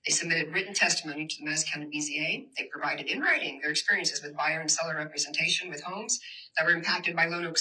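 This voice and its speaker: Husky low-voiced woman giving an impassioned talk. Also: bright, forceful tone, low-quality recording. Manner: impassioned, addresses the audience directly. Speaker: community organizer giving a talk. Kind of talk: public presentation. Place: university hall.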